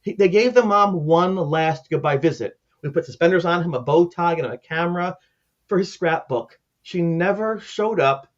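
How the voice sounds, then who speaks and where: High-voiced man telling heartfelt stories. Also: normal speed. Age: around 60. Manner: earnest, heartfelt, acts out the people in his stories. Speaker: interview guest, former caseworker and teacher. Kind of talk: emotional personal storytelling. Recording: dull lo-fi sound.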